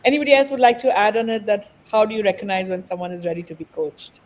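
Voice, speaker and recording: A woman's voice: medium pitch, fairly even intonation, fast talker, a little hiss or hum, rough recording. A woman moderating a webinar panel, politely reading out audience questions.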